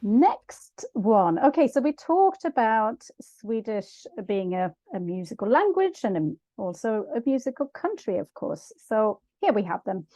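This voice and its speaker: Mellow-voiced woman presenting a language lesson. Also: a little high, very animated, measured pace, hardly any pauses, dry recording. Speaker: co-host language teacher. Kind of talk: pronunciation lesson.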